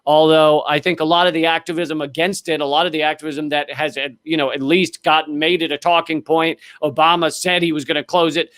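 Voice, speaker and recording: A man's voice: on the high side, little pitch movement, fairly quick, few pauses, fairly bright tone, clear, resonant tone, no room sound, clean studio sound. A man hosting a casual political comedy chat, wry and loose, with lots of fillers. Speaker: host.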